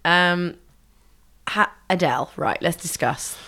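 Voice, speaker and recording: A woman from England in casual podcast chat, animated and swearing freely as she mimics singers. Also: lowish voice, takes it slowly. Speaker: podcast co-host.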